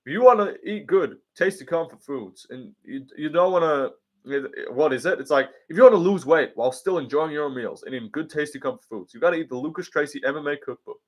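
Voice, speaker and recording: A man putting on a strained, higher-pitched voice with an attempted American accent to play an upbeat male fitness YouTuber selling his cookbook. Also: fast, hardly any pauses, a little mellow, close to an everyday voice. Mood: salesy.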